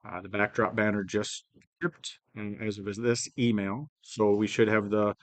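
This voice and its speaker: A man hosting a staff planning meeting in a hotel room, reading department updates with frequent ums and pauses. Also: on the low side, little pitch movement, no room sound. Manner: halting, reads updates aloud with many ums. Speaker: meeting host. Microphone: phone mic, sometimes held low.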